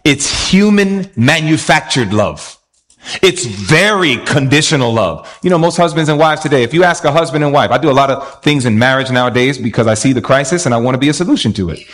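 A man's voice: mid-range voice, expressive, fairly quick, fairly bright tone. A man preaching a sermon, asking his listeners rhetorical questions.

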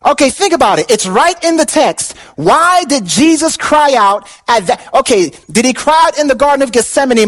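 A man's voice: extremely high pitch, lively intonation, moderate pace, few pauses, a bit bright, low-quality recording. A man preaching a sermon with passion, asking the listeners questions and repeating words for emphasis. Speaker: pastor.

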